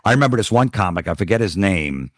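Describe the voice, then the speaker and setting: Deep-voiced man telling stories. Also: fast talker, dry recording, studio quality. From New Jersey. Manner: blunt, profane, deadpan anecdotes. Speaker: comedian guest. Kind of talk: casual podcast storytelling.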